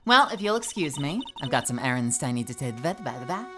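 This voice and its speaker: A woman's voice: very deep voice, very animated, a little fast, pitched below the performer's own voice. A woman voicing a doting, sultry wife who sprinkles in French words, over background music. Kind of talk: dramatic game reading.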